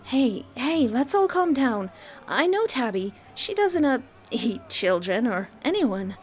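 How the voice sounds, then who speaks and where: A woman voicing a calm young woman journalist in a story game, soothing and reasoning with a crowd, her voice fairly high. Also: takes it slowly. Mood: placating.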